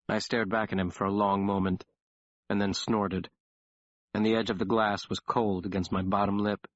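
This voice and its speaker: A man's voice: on the low side, little pitch movement, normal speed, no room sound. A man narrating an audiobook in the first person, telling the story wryly and dramatically. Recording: dull dry audiobook recording.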